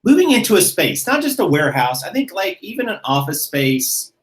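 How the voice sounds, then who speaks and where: A man hosting his own channel in a casual chat, relaxed and self-mocking, laughing easily. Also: sits high, fairly quick, rough recording. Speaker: YouTube channel host.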